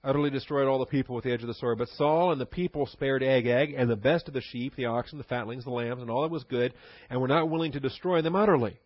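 A man teaching a Bible passage verse by verse in a conversational sermon style, with animated, sarcastic asides. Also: medium pitch, fast talker, no room sound, lo-fi sound.

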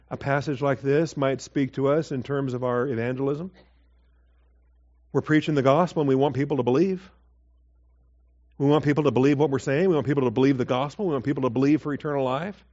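A man giving a conversational verse-by-verse Bible teaching, with asides and quick acted quotes. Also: mid-range voice, darkish tone, highs cut off.

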